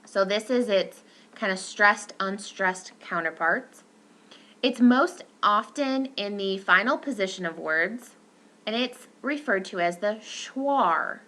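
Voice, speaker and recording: A woman's voice: medium pitch, pushed and bright. A young adult woman giving a recorded lecture, explaining step by step with fillers and self-corrections.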